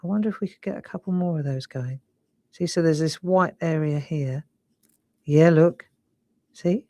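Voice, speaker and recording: An English woman in her sixties with a slightly Cockney accent chats while demonstrating drawing live. As a craft demonstrator she's warm and chatty, often saying "look" and "lovely." Her low voice moves at a moderate pace, and there's no room sound.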